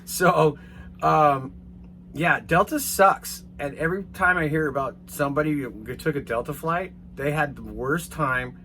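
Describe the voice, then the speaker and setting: A man telling a rambling, casual story to his viewers, swearing now and then and getting animated as he retells it. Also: on the high side, a little slow, slight background noise. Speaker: vlogger.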